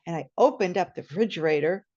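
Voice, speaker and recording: A woman telling a personal story at a storytelling event, animated and acting out the scene, over a video call. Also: on the low side, quick pace. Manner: animated, laughing, acts out the scene. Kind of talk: personal story told live. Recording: muffled video-call audio.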